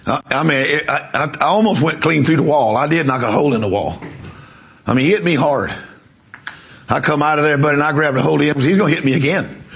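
A preacher man telling a story in a sermon, his voice a bit high and full of gravel. He talks emphatically, doubling back on his words as he pushes the story forward. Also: quick pace, fairly bright tone.

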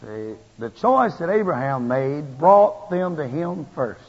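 A husky-voiced man preaches in a folksy, animated style, pushing his emphasis up and up as he drives each point home. His voice sits a little high for a man. The recording is a dull, lo-fi tape that rings with long church-hall reverb. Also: slow pace. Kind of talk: sermon.

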